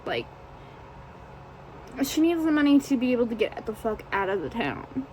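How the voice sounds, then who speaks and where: A woman's voice: fairly high pitch, sing-song, moderate pace, a little mellow, a little hiss or hum, poor audio. A woman casually chatting about a book she read, rambling and profane. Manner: rambling and profane, lots of fillers. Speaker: book reviewer. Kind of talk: casual chat.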